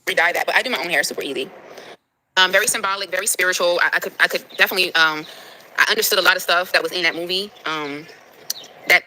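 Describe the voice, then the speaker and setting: A woman's voice: low-pitched, pushed and bright, slight background noise, poor audio. A woman with a nasal voice talking casually to viewers on a livestream, emphatic and preachy, repeating herself for effect.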